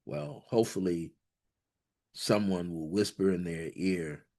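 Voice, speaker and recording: Slow-talking man channeling spirit messages. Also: low voice, gravelly. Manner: laughs often, warm repetitions, playful corny humor; switches between relayed beings and quoted voices. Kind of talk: channeling session, relaying messages.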